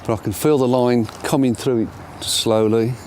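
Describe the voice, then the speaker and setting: A man's voice: medium pitch, fairly even intonation, moderate pace, darkish tone, a little hiss or hum. A middle-aged man, talking casually and self-deprecatingly while fishing outdoors by a lake. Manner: chatty, self-deprecating commentary. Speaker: angler presenter.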